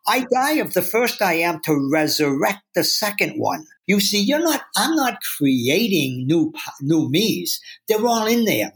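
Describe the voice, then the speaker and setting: Guest author, male, higher-pitched voice, earnest and animated storyteller who acts out inner voices. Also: a little slow, few pauses. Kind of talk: reflective interview talk.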